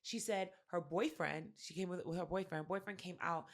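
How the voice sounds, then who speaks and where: Podcast co-host, woman, lively storyteller who plays every quote out loud. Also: fairly low pitch, moderate pace. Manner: animated storyteller, acts out quotes, swears freely. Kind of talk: casual chat, storytelling.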